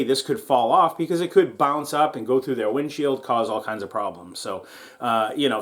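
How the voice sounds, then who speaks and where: A middle-aged man hosting a welding vlog, talking casually and laughing often as he calls his viewers guys. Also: mid-range voice. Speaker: YouTube welding channel host. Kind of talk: casual how-to vlog and storytelling. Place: partly outdoors in strong wind.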